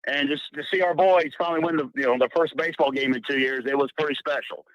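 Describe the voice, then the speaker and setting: A man's voice: on the high side, fast talker, fairly bright tone, no room sound. A man from Missouri, a small-town coach, calling in and chatting confidently. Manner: chatty, confident, laughs easily. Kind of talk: call-in chat. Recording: dull dry phone line.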